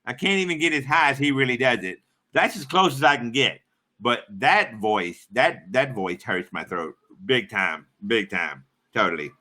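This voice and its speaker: A man's voice: medium pitch, expressive, moderate pace, bright, forceful tone. A man chatting on his live stream in a rambling, crude and profane way. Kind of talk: casual live-stream chat.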